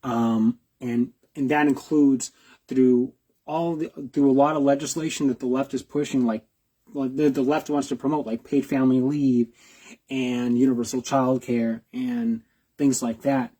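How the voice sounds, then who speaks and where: A man with a husky, breathy voice gives reaction commentary on clips. He talks in rhetorical questions, restarts and repeats his points. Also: medium pitch, steady tone, unhurried, dark tone. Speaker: video blogger.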